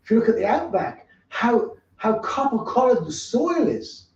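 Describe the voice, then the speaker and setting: A man's voice: extremely high pitch, very animated, normal speed, darkish tone. A man hosting a casual chat, talking emphatically and repeating words as he searches for the next one. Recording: distant, roomy, dull-sounding audio.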